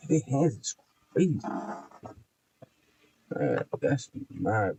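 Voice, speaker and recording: Man, live reaction streamer, very animated delivery, slight background noise. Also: medium pitch, extremely slow, poor audio. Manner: excitable, laughing, loud exclamations, addresses chat.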